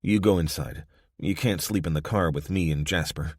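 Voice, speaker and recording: A weary survivor answers in low, dry, clipped remarks, as a male narrator plays him close to his own voice. The recording is dry and intimate. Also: normal speed, husky, dry recording. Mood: laconic. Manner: laconic, dry.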